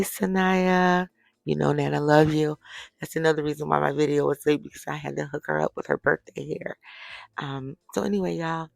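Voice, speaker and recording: A woman's voice: low-pitched, vocal fry, no echo, low-quality recording. A middle-aged woman chatting casually to her viewers, telling a story from her day in a chatty way. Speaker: vlogger. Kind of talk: casual chat. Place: at home, winding down for bed.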